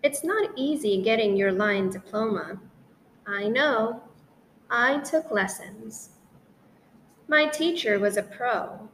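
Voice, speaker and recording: A woman reading a children's storybook aloud with a playful, expressive delivery. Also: a little high, slow, slight background noise.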